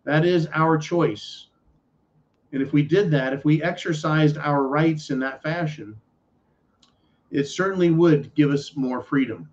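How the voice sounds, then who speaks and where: A man's voice: a little high, a little slow. A man hosting a podcast, rambling and ranting with profanity and sarcasm. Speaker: podcast host. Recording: dull lo-fi audio.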